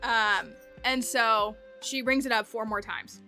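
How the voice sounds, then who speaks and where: A woman streamer telling a story in casual chat, animated and full of "like" fillers. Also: fairly high pitch, slow pace, faint music behind. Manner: animated, heavy use of "like" fillers.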